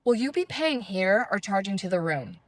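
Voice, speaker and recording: A woman's voice: medium pitch, sing-song, normal speed, no room sound, close to an everyday voice. A woman voicing a curt, hostile young spa receptionist who speaks harshly while reading her story aloud. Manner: harsh, aggressive.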